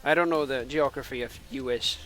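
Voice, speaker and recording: Chatty Finnish caster with American-sounding English. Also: male voice, medium pitch, fairly quick, a bit bright, faint music behind. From Finland. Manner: rambling, chatty, laughs at himself. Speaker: esports caster. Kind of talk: casual stream chatter while waiting for matches.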